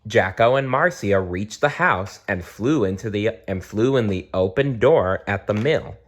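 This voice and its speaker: Slow, lilting man reading a storybook. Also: on the low side, lively intonation. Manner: gentle, with small restarts.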